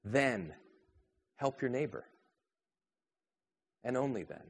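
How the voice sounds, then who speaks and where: Male pastor, sermon delivery, rhetorical questions, soft to raised. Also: mid-range voice, lively intonation, takes it slowly, vocal fry, slightly rough.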